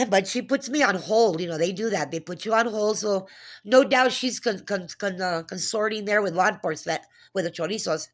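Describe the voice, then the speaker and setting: A woman's voice: mid-range voice, normal speed. A woman talking to camera in an agitated, profane monologue, retelling a phone call with many restarts. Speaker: vlogger. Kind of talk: casual monologue.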